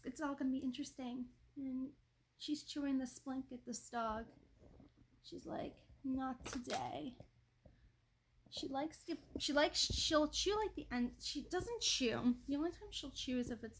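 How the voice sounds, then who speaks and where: Woman, high voice, casual livestream host at home, rambly filler-heavy chat. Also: normal speed, bright, forceful tone, a little hiss or hum. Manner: rambling, chatty, lots of likes and ums; greets chat viewers by name.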